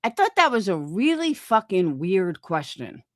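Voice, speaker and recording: A woman's voice: mid-range voice, very animated, a little slow, no room sound, clean studio sound. A woman in her forties hosting a stream, reacting to clips in a blunt, mocking, profane way. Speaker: stream host reviewing clips. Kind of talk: casual reaction commentary.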